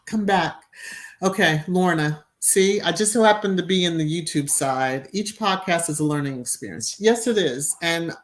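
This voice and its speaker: A woman's voice: on the low side, measured pace. A middle-aged woman hosting a casual live stream, reading viewer comments aloud, laughing often and breaking into little sung phrases.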